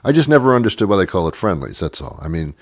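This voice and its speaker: A man's voice: deep voice, sing-song, fast talker, no echo, clean studio sound. A middle-aged man hosting a radio show, delivering a rambling, wry comedic monologue with many restarts. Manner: rambling, self-interrupting, wry.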